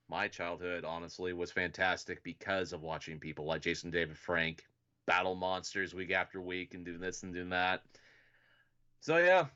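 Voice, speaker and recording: A man's voice: low voice, sharp tone, clear, resonant tone. A man co-hosting a podcast in casual chat, rambling with lots of "and stuff" fillers. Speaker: podcast co-host. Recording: dull lo-fi podcast audio.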